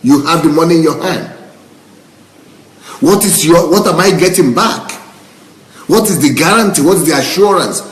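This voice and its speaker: A man's voice: on the high side, moderate pace, pauses often, reverberant, low-quality recording. A male pastor giving live commentary on viewer comments, indignant and emphatic, repeating phrases for effect and often laughing. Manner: breaks into laughter.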